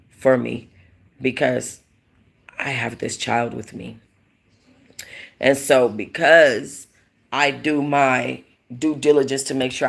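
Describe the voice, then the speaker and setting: A woman's voice: extremely low pitch, creaky, slightly rough. A woman hosting a casual livestream, talking bluntly to her chat, rambling and swearing freely. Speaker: livestream host.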